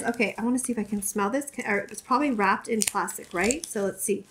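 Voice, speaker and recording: A woman's voice: mid-range voice, brisk, few pauses, a bit bright. A woman in her forties, a YouTuber, chatting to camera as she opens gifts. She gushes, restarts often and fills her talk with fillers. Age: 40s. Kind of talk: casual unboxing chat to camera.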